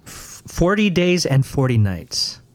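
Teasing man with a lively voice. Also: fairly high pitch, takes it slowly. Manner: teasing, crude jokes, trails off into mutters. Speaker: podcast co-host. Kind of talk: casual chat.

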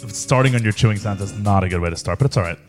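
A man's voice: on the low side, racing, soft background music. A man co-hosting a podcast in casual banter, teasing and swearing freely, into a studio mic. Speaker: podcast co-host.

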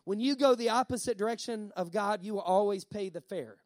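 A male pastor preaching a sermon, emphatic, repeating key lines and slowing down on words for effect. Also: high-pitched, no room sound.

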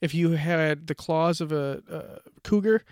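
Smooth, higher-voiced man telling lore casually. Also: unhurried, dry recording, clean studio sound. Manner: relaxed storytelling, reads from notes, many "like" fillers. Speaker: podcast co-host. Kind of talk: casual chat.

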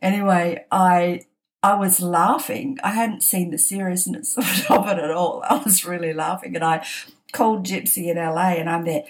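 A woman's voice: fairly low pitch, fairly even intonation, normal speed. A middle-aged woman with an Australian accent hosts a podcast and tells a story casually, laughing often and restarting her sentences. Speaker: podcast host.

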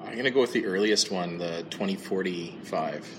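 A man's voice: low voice, normal speed, noisy background. A man playing along in a casual podcast trivia quiz, thinking aloud and laughing often. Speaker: quiz contestant.

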